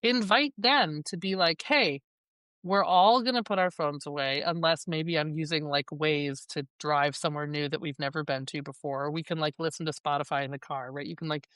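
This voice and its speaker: Brief: lively woman in her forties, lowish smooth voice, dry close mic. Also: fairly quick, few pauses, no echo. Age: 40s. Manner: animated storyteller, many "like"s. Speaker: parenting coach guest. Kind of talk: casual interview chat.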